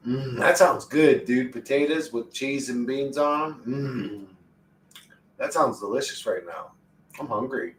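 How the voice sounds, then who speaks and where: A man's voice: mid-range voice, animated, moderate pace, echoey room, far from the mic, a little hiss or hum, rough recording. A man chatting casually and profanely on a live stream, joking and getting easily worked up.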